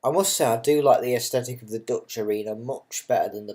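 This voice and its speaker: A man's voice: mid-range voice, fast, few pauses, darkish tone, husky. A man giving casual, unscripted darts commentary, chatty and self-mocking, who swears freely and drifts into ranting asides.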